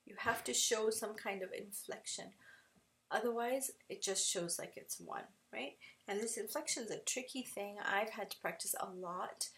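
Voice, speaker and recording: A woman's voice: mid-range voice, moderate pace, a bit bright, recorded from a distance, rough recording. A woman teaching tajweed at a whiteboard, explaining patiently and often checking in with "right?".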